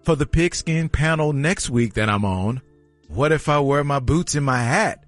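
A man's voice: on the high side, normal speed, no echo, soft background music. A man, bantering on a radio show, laughing and joking about himself. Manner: laughing, self-deprecating, animated. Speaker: radio co-host. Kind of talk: casual morning show banter.

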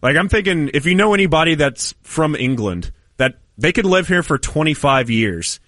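Casting: animated male co-host, slightly high voice, dry studio sound. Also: moderate pace, no room sound. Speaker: sports radio co-host. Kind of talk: casual chat.

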